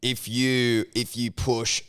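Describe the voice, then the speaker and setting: A man's voice: mid-range voice, flat delivery, slow pace, fairly bright tone, clean tone. A man co-hosting a podcast, joking around in casual banter. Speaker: podcast co-host. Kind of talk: casual chat.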